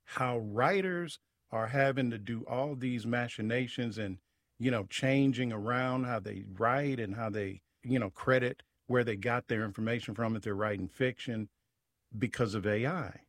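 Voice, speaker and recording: A man's voice: mid-range voice, normal speed, dry recording, studio quality. A man who is a writer and journalist, talking conversationally as a guest on a radio talk show. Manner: conversational, with frequent "you know" fillers.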